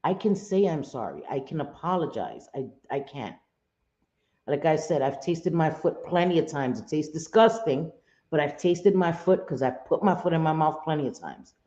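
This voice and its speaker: A woman hosts a live stream in a low, mellow voice, chatting casually and bluntly with her viewers. She swears freely and repeats herself to drive points home. The sound is roomy and a little dull. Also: animated, normal speed. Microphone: home streaming setup.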